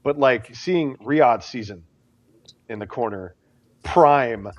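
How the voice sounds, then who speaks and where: A man's voice: medium pitch, slow pace, dull audio. A man co-hosting a wrestling podcast, griping in a laid-back, dismissive way. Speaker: podcast co-host. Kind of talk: casual podcast chat.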